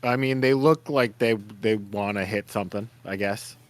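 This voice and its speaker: A man running a tabletop game as game master, making easygoing rulings with frequent quick affirmations. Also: fairly low pitch.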